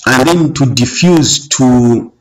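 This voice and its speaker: A man's voice: medium pitch, slow pace, low-quality recording. A man teaching a revision lesson, explaining word meanings patiently and checking in with the class. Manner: patient, repeats and checks with "okay?".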